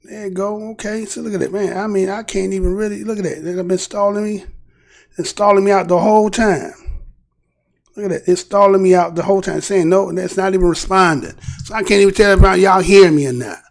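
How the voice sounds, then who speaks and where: A man hosts his own livestream, his voice pitched high with a rough, gravelly edge. He talks emphatically and animatedly, then drops into low muttering. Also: steady tone, fairly quick. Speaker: show host. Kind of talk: casual livestream commentary.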